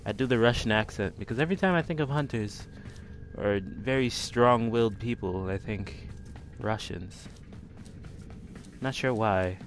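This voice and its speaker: A man's voice: lowish voice, measured pace, pauses often, soft background music. A man hosting a casual game walkthrough, rambling and poking fun at himself. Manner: rambling, self-deprecating. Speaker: gaming video host.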